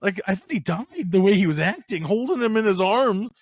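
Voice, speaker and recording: A man's voice: high-pitched, lively intonation, a little fast, raised voice, slight background noise. A man hosting a casual movie-review podcast, rambling and swearing as he retells scenes. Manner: rambling, swearing, acts out lines with laughs. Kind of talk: casual chat.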